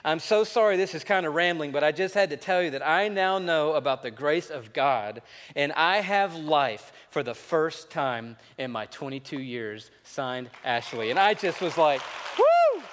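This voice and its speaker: A man preaching a sermon, telling a story with animated delivery and reading a letter aloud. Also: on the high side, normal speed. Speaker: pastor. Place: large church auditorium. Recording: echoey church hall.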